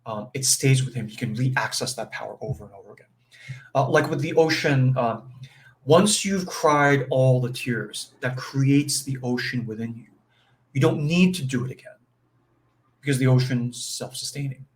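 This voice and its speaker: A chatty spiritual teacher leads an informal session on a folk tale, speaking in a mid-range voice at a moderate pace. His talk is full of fillers and "right?" check-ins, and he acts out brief quoted voices with chuckles.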